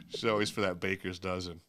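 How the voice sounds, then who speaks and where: New guy hosting a livestream, lowish voice, laughs at his own dirty jokes. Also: a bit bright. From Long Island, New York. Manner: crude joking, laughs often. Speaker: host; plumber. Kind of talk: casual livestream chat.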